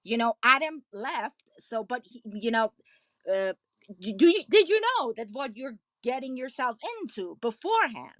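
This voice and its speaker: A woman's voice: fairly high pitch, very animated, moderate pace, no echo. A woman on a film podcast panel asking questions in a hesitant, searching way. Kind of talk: casual discussion.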